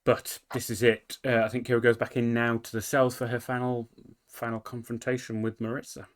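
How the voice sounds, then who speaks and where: A man's voice: medium pitch, little pitch movement, a little fast. Male podcast co-host chiming in. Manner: short agreeing reactions.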